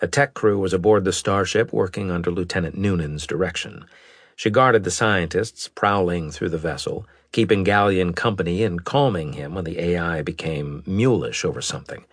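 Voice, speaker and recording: A man narrating a story in steady scripted storytelling, close to a studio mic. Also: sits low, normal speed, no echo. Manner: steady storytelling with expressive character voices. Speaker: audiobook narrator.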